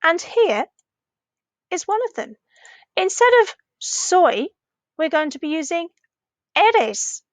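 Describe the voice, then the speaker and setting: A primary Spanish teacher records a lesson for children, slowly modelling phrases with a clearly rising question tone. Her voice is very high-pitched and sing-song, her talk patient and encouraging, with no room sound.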